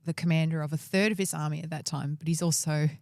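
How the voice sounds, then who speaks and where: A woman's voice: low-pitched, steady tone, quick pace, creaky, darkish tone, no echo, studio quality. A woman co-hosting a podcast, casually retelling a Bible story and asking her co-host questions.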